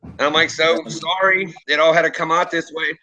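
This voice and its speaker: A man's voice: a little high, normal speed, slight background noise. A man in his thirties streaming a casual chat, telling a story with lots of swearing and quoting himself heatedly. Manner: profane, animated storytelling, quotes himself heatedly.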